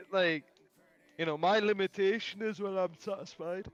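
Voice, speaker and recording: A man with a slightly high voice talks very slowly and haltingly in casual stream chat, often repeating himself. The sound is dull and lo-fi. Faint music plays underneath.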